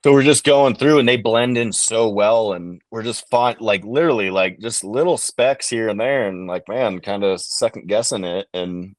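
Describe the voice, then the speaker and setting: Low-voiced man telling a story casually. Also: moderate pace, few pauses, no room sound. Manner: relaxed, rambling, many fillers. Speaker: podcast guest, bowhunter.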